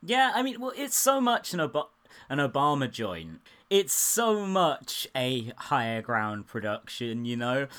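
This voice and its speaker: A man's voice: mid-range voice, big pitch swings, unhurried, a bit bright. Man, podcast co-host, from the UK, casual, joking, self-deprecating.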